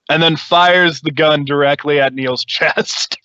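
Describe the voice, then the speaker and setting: A man's voice: fairly high pitch, slow, hardly any pauses, bright, forceful tone, no room sound. A man narrating as game master of a tabletop role-play game, in a playful, laughing way. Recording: dull lo-fi dry recording.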